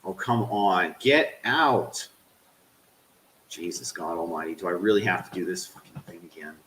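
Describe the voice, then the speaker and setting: A man streaming a game, swearing at it and swinging from low grumbling to loud yelling while he talks to his chat. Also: moderate pace, roomy sound, a little hiss or hum, low-quality recording. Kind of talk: live game stream commentary.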